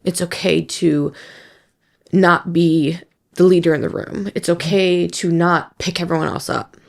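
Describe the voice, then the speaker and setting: A young woman in her twenties talking candidly with her mother, emotional and reflective, halting with many fillers and close to tears. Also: lowish voice, steady tone, gravelly. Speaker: daughter, guest. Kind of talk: candid podcast conversation.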